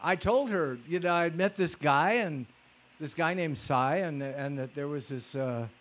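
A man with a somewhat high-pitched voice tells stories from his own life to a gathering. He talks in a loose, conversational way, with fillers and restarts. He brings the scenes to life by vocalizing footsteps. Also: a little slow. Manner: animated storyteller who mimics footsteps with vocal sounds; conversational, with fillers and repeated starts. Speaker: speaker recounting personal stories. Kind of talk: storytelling lecture.

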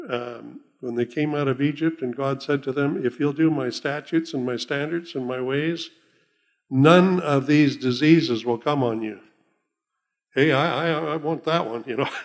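An older man preaching a sermon as pastor, folksy and rambling, often chuckling and slowing down to read scripture aloud. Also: a little high, vocal fry. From Oklahoma.

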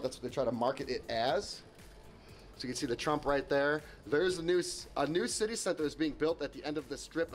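A man giving a casual, enthusiastic tour of a hotel suite, chatting and thinking aloud as he walks through the rooms. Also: fairly high pitch. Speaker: hotel reviewer. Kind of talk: casual room-tour vlog.

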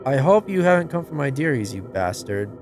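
A man's voice: mid-range voice, sing-song, brisk, music in the background, natural voice. A man doing a bitter old chicken lady. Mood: wary, grieving. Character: suspicious old chicken-keeping woman, fearful and bitter. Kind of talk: reading game dialogue aloud in voices.

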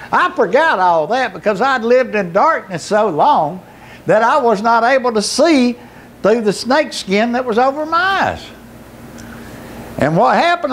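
Impassioned pastor giving testimony. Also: male voice, sits high, vocal fry, a little hiss or hum. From Georgia, US. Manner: emotional storytelling, rising to shouts. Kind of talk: testimony sermon.

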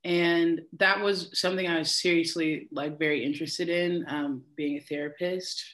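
A woman's voice: on the low side, steady tone, moderate pace, a bit bright. A young woman, a singer and worship leader, talking as a guest in a casual interview over a video call, chatty and given to laughter as she tells stories.

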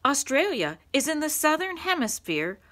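A woman's voice: high-pitched, big pitch swings, normal speed, a bit bright, voice pushed up. A woman voicing a polite, earnest young schoolboy in a children's storybook, explaining things carefully.

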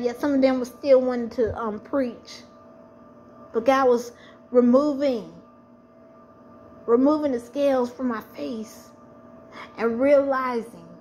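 A woman's voice: high-pitched, a little hiss or hum. A woman sharing a personal faith testimony, speaking earnestly and repeating phrases for emphasis.

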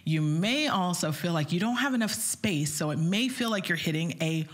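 A woman's voice: fairly low pitch, animated, moderate pace. A woman vocal coach giving an upbeat online singing lesson, talking straight to her viewers and breaking into short sung vowel demos.

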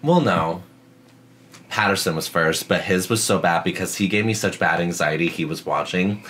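A man's voice: low voice, normal speed, a bit bright, a little hiss or hum. A young man co-hosting a casual podcast chat, blunt, sassy and profane in his storytelling. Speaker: podcast co-host.

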